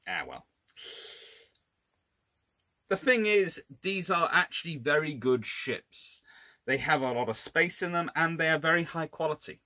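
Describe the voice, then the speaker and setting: Male historian lecturing casually, lively swooping pitch, wry exasperated asides, restarts. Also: a little slow, pauses often, no echo. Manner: restarts and self-corrections. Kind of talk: informal illustrated lecture.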